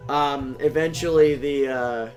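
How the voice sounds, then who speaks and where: A man narrating a tabletop game as game master, halting with many fillers and restarts. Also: a little high, steady tone, darkish tone, faint music behind.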